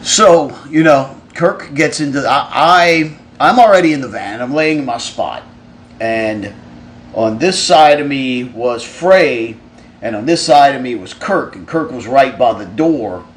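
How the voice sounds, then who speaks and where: A man's voice: mid-range voice, expressive, unhurried, a little hiss or hum. A man on a live stream, casually telling a rambling, profane story and answering fan questions. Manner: rambling, profane, with frequent restarts.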